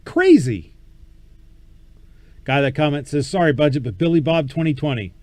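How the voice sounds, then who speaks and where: A man's voice: a little high, expressive, normal speed, a little mellow, no room sound. A man hosting a casual show, speaking bluntly with casual swearing and reading news items aloud. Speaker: show host.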